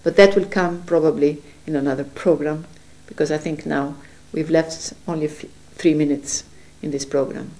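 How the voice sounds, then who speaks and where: A woman speaks in a low, mellow voice, sharing a personal spiritual testimony from her home. She is earnest and gentle and sometimes pauses to search for words. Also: fairly even intonation. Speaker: religious speaker.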